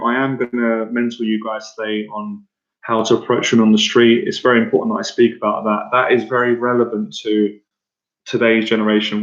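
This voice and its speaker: An Irish man in his thirties, a confidence coach talking casually to viewers on a livestream, excitable and rambling with lots of fillers and restarts. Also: medium pitch. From Ireland. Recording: echoey room, dull lo-fi sound.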